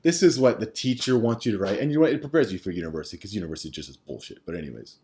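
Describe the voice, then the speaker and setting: A man's voice: lowish voice, animated, racing, mellow, slight background noise. A young man co-hosting a podcast in casual chat, blunt and opinionated, swearing casually. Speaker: podcast co-host.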